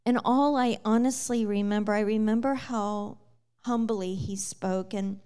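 Woman, personal faith testimony, conversational and animated, quick laughs, lots of fillers, mid-pitched voice. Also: smooth. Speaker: guest sharing her testimony.

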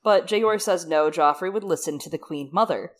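Woman podcast cohost recapping stuff, lowish voice, easygoing. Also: moderate pace. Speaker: podcast co-host. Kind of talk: casual book discussion, recapping.

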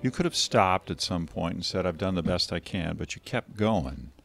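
A man's voice: deep voice, animated, moderate pace, creaky, fairly bright tone, faint music behind. A man interviewing a guest and prompting the story with leading questions.

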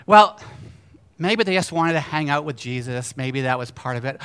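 A male preacher with a high, bright voice delivers a lively sermon. He swings from booming exclamations down to hushed storytelling. He keeps asking his congregation rhetorical questions. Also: normal speed. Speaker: pastor.

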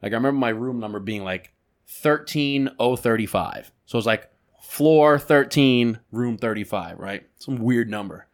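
Male podcast co-host, casual storyteller, animated and profane, acts out his own reactions. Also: mid-range voice, normal speed.

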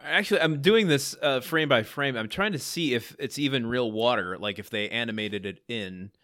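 A man's voice: mid-range voice, moderate pace, a bit bright, no room sound, studio quality. A man co-hosting a podcast, recapping a sitcom episode in a loose, casual way and laughing easily. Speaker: podcast co-host.

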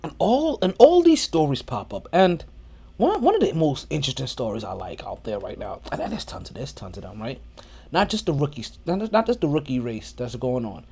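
A man's voice: medium pitch, big pitch swings, moderate pace, vocal fry, dark tone, breathy edge. A man hosting a podcast, chatting casually about sports in a profane, rambling way with many restarts. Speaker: podcast host.

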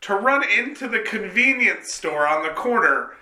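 A man's voice: high voice, lively intonation, normal speed, sharp tone. A man co-hosting a casual comedy podcast, telling stories and acting out the people in them. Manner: storytelling, acts out other people in quotes. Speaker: podcast co-host. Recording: echoey room.

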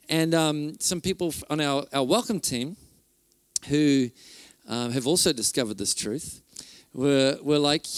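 A male pastor tells stories from a conference stage, slightly higher-pitched than most men. He speaks in an animated, excitable way, full of ums and restarts. The sound is dry and close, with no echo. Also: measured pace, smooth. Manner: animated, excited storyteller, laughs and fillers. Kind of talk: conference sermon storytelling.

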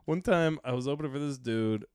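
A man's voice: mid-range voice, a little fast, smooth, no echo, studio quality. Laughing man telling comedy stories. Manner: storytelling, swearing, laughing. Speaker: comedian podcast co-host. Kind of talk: casual chat.

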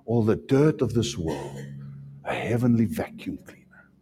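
A man with a South African accent preaching a sermon as pastor, emphatic and repetitive, with sudden loud rises. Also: lowish voice, very animated, unhurried, a little hiss or hum.

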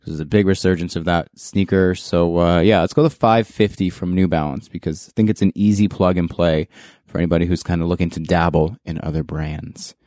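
A man hosting a casual podcast, chatty and joking in a relaxed way. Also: sits low, a little fast, no room sound, clean studio sound. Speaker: podcast host. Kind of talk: casual sneaker podcast chat.

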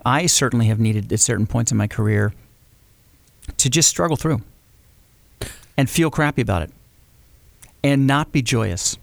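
A man co-hosting a casual conversation about creative work, who talks reflectively and often chimes in with quick agreement. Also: medium pitch, creaky, no echo. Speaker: podcast co-host.

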